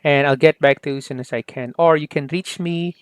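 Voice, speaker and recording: A man teaching a software tutorial step by step, often saying "okay" and "there you go" as he works. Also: fairly high pitch, fairly even intonation, fairly quick, smooth, no room sound. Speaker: software instructor. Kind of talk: screen-recorded software tutorial.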